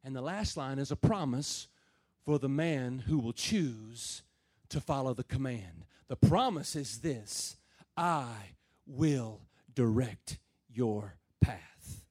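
A man preaching a sermon, dropping low and slow, then building to loud, shouted emphasis. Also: lively intonation, breathy edge. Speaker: pastor.

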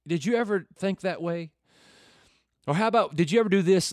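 A middle-aged male radio preacher with a fairly high voice, talking in an earnest, folksy way that climbs into fervent calls. The sound is dry and close, recorded at a studio mic. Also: normal speed, long pauses, no echo. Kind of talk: radio Bible teaching with prayer.

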